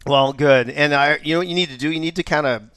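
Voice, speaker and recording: A man's voice: fairly high pitch, fast, a bit bright, clear, resonant tone, no echo. A man hosting a live show in an upbeat, joking way. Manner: upbeat, joking, laughs often. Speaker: host.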